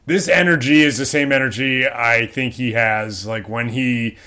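A man co-hosting a podcast, talking loosely and rambling with plenty of "like" between his thoughts. His voice is bright and a little tense, at a middling pitch, and he laughs often as he goes. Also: steady tone, normal speed. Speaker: podcast co-host. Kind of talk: casual chat.

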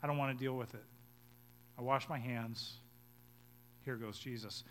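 A man's voice: mid-range voice, steady tone, normal speed, fairly bright tone, slight background noise, natural voice. A man voicing a weary, indifferent Roman governor. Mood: dismissive.

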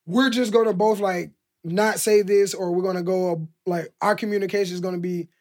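Brief: male podcast co-host with a high voice, rambling casual talker, lots of "like". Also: fairly even intonation, brisk, a little mellow. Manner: rambling, heavy use of "like", acts out quoted exchanges. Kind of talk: casual chat.

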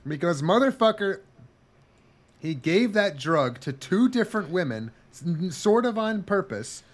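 A man's voice: sits high, very animated, measured pace. A man co-hosting a podcast, jumping in with crude, wisecracking remarks during a casual chat. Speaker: podcast co-host.

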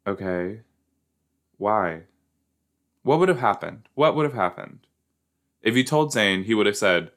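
A man hosting a casual reaction show about a TV episode, excitable and joking, with sudden jumps into high squeals. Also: unhurried, pauses often.

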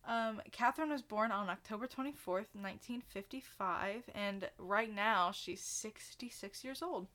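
A woman hosts a relaxed true-crime chat with a friend. Her voice sits at an ordinary middle pitch. She talks easily, with quick asides and easy laughter. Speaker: podcast host.

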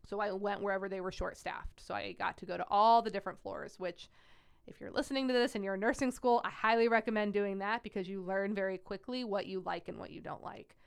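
A young woman working as a pediatric nurse, telling stories in an animated interview with many "like" fillers. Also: medium pitch, a little fast, gravelly, clean tone. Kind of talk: conversational interview storytelling.

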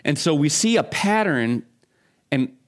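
A man preaching a sermon as a pastor, talking in a conversational, halting way with frequent restarts. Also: on the high side, sing-song.

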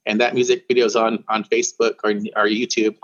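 A man from Warm Springs, Oregon, telling a story in a casual interview, often restarting and repeating words and calling the host "bro". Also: lowish voice, flat delivery, fast, dull audio. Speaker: guest musician.

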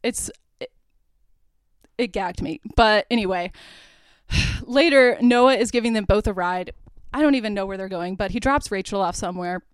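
A woman's voice: mid-range voice, normal speed, clear, resonant tone, no room sound. A young woman hosting a podcast, casually retelling a movie plot in a chatty way, full of "like" and little laughs. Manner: chatty, heavy use of "like", laughs while retelling. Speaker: podcast host.

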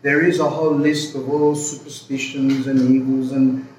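A man's voice: mid-range voice, flat delivery, moderate pace, a little mellow. A man who is a priest giving an earnest, emphatic pastoral talk, repeating his points with rambling asides. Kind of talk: pastoral talk answering a listener. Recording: echoey room, distant mic, faint noise.

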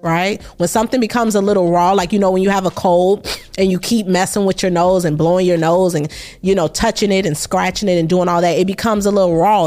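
A woman's voice: on the low side, darkish tone. A woman hosting a solo podcast in a reflective way, asking repeated emphatic rhetorical questions. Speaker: podcast host.

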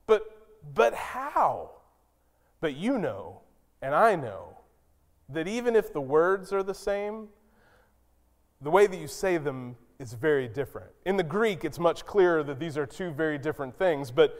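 A man preaching a sermon as pastor, who acts out quoted lines with sudden high, loud outbursts. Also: lively intonation, moderate pace. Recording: long hall reverb.

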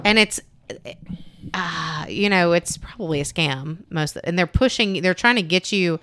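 A woman podcast host telling stories in a casual chat, getting animated as she goes. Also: lowish voice, unhurried, no echo. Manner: animated storyteller, gets loud when excited.

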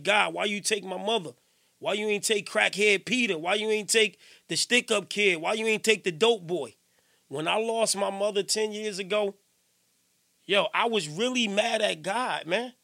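Middle-aged male radio host, high gravelly voice, emphatic preachy rambling, dry close sound. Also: no echo. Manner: emphatic, repetitive, swings loud and soft. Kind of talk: casual preachy monologue. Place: radio station studio.

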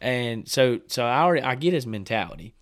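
Guy telling a hunting story, gets loud and excited acting out quotes, dry close mic. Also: medium pitch, fairly quick, no echo. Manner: animated storyteller, acts out quotes, laughs often. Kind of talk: casual chat.

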